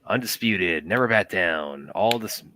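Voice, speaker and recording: A man co-hosting a casual stream chat, halting and often repeating his words. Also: low-pitched, animated, sharp tone, slight background noise. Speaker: co-host.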